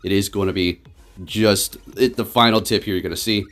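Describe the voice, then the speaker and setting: A man hosting his gaming channel, giving excitable live commentary on his matches that swings quickly between frustration and laughter. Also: on the low side, soft background music.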